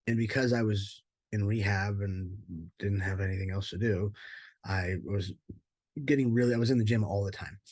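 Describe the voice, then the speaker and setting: A man's voice: on the low side, darkish tone, no echo. A man telling his life story in an interview, candid and rambling, with many fillers and casual swearing. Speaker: interview guest, former pro fighter.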